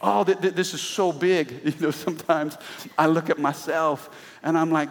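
A middle-aged pastor preaching an animated sermon, breaking into shouts and laughs. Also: male voice, fairly high pitch, moderate pace. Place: church sanctuary. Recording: long reverb of a large hall.

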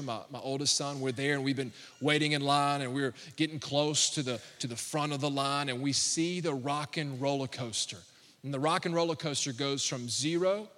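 A man's voice: medium pitch, sharp tone, long reverb tail. A man in his thirties, a pastor preaching a sermon in a church, mixing humorous storytelling with fervent declarations. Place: church sanctuary.

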